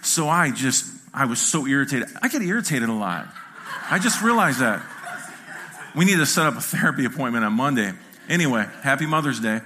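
A man's voice: medium pitch, a little fast, a little hiss or hum. A middle-aged man preaching to a church congregation, telling jokey family stories and acting out the quotes. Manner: animated, jokey storytelling with acted-out quotes. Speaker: pastor. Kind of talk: storytelling sermon.

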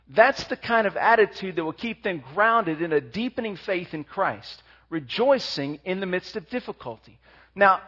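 A man preaching a sermon, reading scripture slowly and then speaking with rising energy. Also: sits high, a bit bright, highs cut off. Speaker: pastor.

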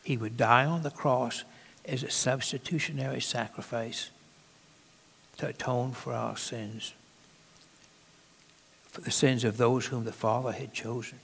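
Gravelly-voiced man preaching in a reverberant hall. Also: medium pitch, fairly even intonation, fairly bright tone. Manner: conversational, halting preaching with asides to the congregation. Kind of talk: sermon.

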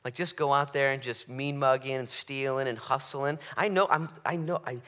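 A man preaching a sermon as pastor, acting out quick quoted voices and swinging from loud outbursts to hushed lines. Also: medium pitch, steady tone. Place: church sanctuary.

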